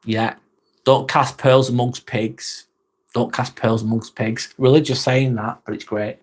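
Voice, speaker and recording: A man's voice: medium pitch, level tone, a little slow. An English man hosting a casual live chat, reading out viewer comments and answering them in a blunt, jokey way, swearing freely and chuckling often. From England. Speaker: live stream host.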